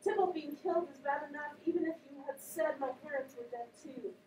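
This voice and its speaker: A woman's voice: high voice, a little fast, noisy background, pitched above the performer's own voice, lightly acted. A woman voicing a dramatic, lovesick young girl in a class read-aloud, wailing and overwrought. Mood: anguished. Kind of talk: reading a play aloud in class. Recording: echoey classroom, voice from a distance.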